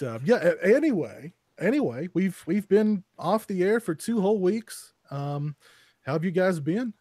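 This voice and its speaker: A man's voice: on the high side, a little mellow, dry recording. Talkative male podcast host, dry sound. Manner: rambling, many fillers and repeats. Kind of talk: casual chat.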